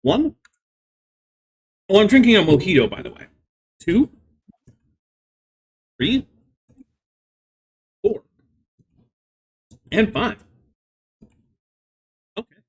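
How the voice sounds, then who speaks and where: A man's voice: sits high, sing-song, very slow, long pauses, husky. A man hosting a live stream, explaining science at length with many "I mean" fillers. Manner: careful, lecturing explanations. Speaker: livestream host.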